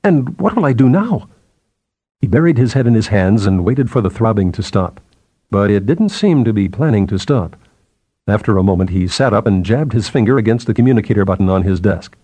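Man narrating in a measured, expressive voice. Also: fairly low pitch, breathy edge, no room sound. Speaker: audiobook narrator. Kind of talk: scripted narration.

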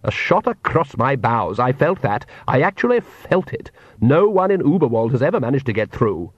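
A man reading as a silky vampire nobleman, slow and smooth, mocking his enemies from on high. The voice has a mid-range pitch, and the audiobook recording is dull and dry, with no room around it. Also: big pitch swings, no echo. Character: suave menacing male vampire count, mocking. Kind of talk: audiobook character voice.

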